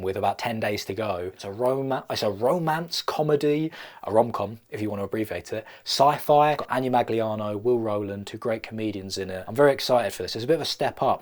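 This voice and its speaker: A young man, a filmmaker, rambling through a playful, self-mocking comedy vlog. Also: lowish voice. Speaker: filmmaker vlogger.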